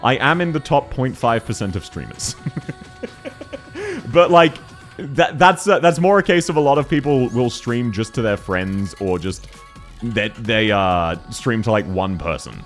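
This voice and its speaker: A man chatting casually on a livestream, excitable and quick to laugh, talking fast and loud when worked up. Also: medium pitch, faint music behind. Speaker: streamer.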